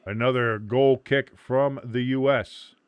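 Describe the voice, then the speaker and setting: A man's voice: medium pitch, fairly even intonation, slow, smooth, dry recording. A man hosting a watch-along stream, calling a soccer match live with loose, joking, profane chatter. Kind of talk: casual live game commentary.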